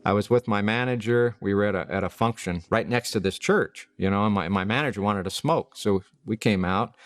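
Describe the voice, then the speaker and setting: A man's voice: fairly low pitch, fairly quick, no echo. A man giving a casual, rambling personal testimony. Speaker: testimony speaker.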